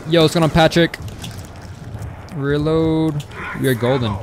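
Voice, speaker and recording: A man's voice: fairly high pitch, a little slow, noisy background. A young man live-streaming a game, chatting casually and reading out viewer messages as he plays. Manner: casual, rambling, reads chat aloud. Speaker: gaming streamer. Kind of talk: live stream chat while gaming.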